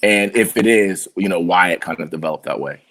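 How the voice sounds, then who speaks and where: A man's voice: low-pitched, a little fast, fairly bright tone. A young man hosting a podcast who asks long, meandering questions and adds frequent short affirmations. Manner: laid-back, frequent backchannel affirmations, rambling questions. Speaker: podcast host. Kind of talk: casual interview.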